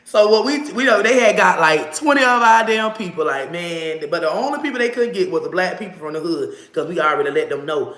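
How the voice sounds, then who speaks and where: A woman telling a story in casual, slangy speech, animated and profane, acting out the other people's voices. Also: on the low side, brisk, hardly any pauses. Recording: roomy echo.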